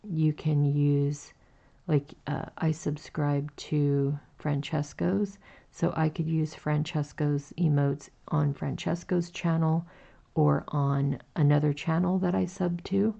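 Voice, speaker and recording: A woman in her forties with a raspy, low morning voice, chatting slowly and gently with viewers while she crochets on a livestream. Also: flat delivery, dull audio. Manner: slow, gentle, chatty with fillers, reading out chat. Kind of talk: casual chat while crocheting.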